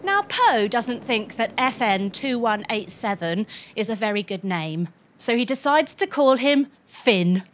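A woman leading a children's yoga lesson as a story, lively and encouraging as she guides each move. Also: on the high side, unhurried, slight background noise. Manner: lively and encouraging, guiding moves step by step.

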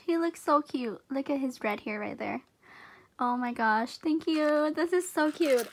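Bubbly high-voiced woman unboxing gifts. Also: a little slow, a little hiss or hum. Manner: excitable, gushing, frequent gasps and giggles. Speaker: unboxing vlogger. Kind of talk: casual unboxing chat.

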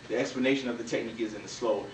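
A man teaching a martial arts technique, walking through each move and punctuating the strikes with sharp sound words. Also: steady tone, racing, noisy background. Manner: talks while demonstrating moves, punctuated with "bam" and "boom". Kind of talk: demonstration walkthrough. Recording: echoey room, from a distance.

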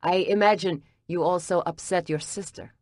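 A woman reading an audiobook, voicing a calm, quietly menacing man who speaks curtly. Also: on the low side, normal speed, no room sound, clean studio sound, natural voice. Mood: cool.

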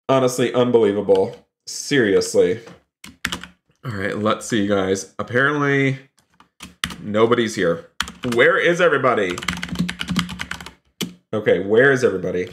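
A man streaming a role-play game live, excitable, talking to his chat and repeating himself. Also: mid-range voice, moderate pace, slight background noise. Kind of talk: live gameplay commentary.

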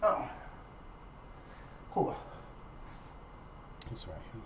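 Woman vlogger, unhurried storytime, lowish voice, faint room hum. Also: rough recording. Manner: chatty, repeats herself, addresses viewers as y'all. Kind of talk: casual storytime.

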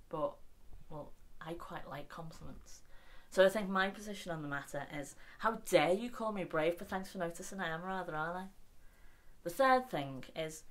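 A woman performing her spoken word poetry on stage with a wry, blunt, deadpan humour. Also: fairly low pitch. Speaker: poet.

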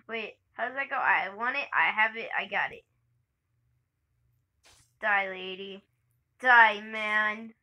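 A young woman giving chatty, excitable gameplay commentary for her channel, laughing and shrieking often. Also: a little high, low-quality recording. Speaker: gaming channel host.

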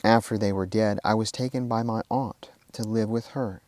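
Timid, gloomy orphan boy in a storybook, low dry voice, male reader. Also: steady tone, moderate pace, a little mellow, dry recording, close to an everyday voice. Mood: sad. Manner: gloomy and fearful.

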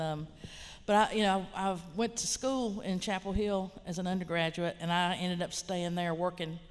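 A woman's voice: on the low side, clean tone, big-room sound. A woman in her fifties with a Southern Appalachian accent, frankly telling rambling stories on a panel. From Appalachia, western North Carolina. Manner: frank, rambling, plainspoken, with mild swearing. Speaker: writer and college teacher on a panel. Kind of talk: casual panel storytelling. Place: large lecture hall.

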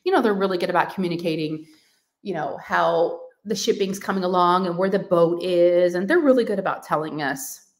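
A woman's voice: on the low side, a little fast. Gushing woman livestreaming. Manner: gushing, excitable, effusive. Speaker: livestream host of a crafting channel. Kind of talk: casual livestream chat reading comments.

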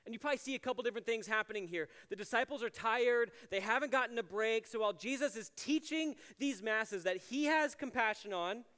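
A man serving as chapel ministries director preaches conversationally in a university chapel, peppering his talk with "like" and playful digressions, and the recording carries long hall reverb. He speaks fairly quickly with few pauses, in a very high, sharp yet smooth voice.

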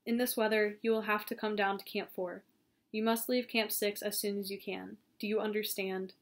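A woman's voice: mid-range voice, level tone, normal speed, close to an everyday voice. Woman reading as a stern male mountain guide. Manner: curt, forceful orders.

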